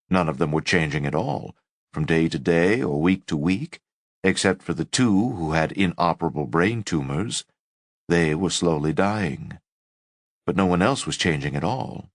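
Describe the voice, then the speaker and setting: A man narrating a first-person memoir audiobook in a measured, wry storytelling manner. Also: sits low, no room sound, studio quality.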